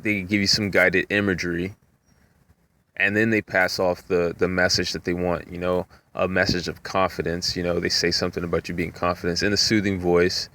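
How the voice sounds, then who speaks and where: A man talking in a rambling, casual monologue, full of "you know" fillers, sometimes jumping up in pitch to act out voices. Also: a bit bright. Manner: acts out voices with jumps in pitch.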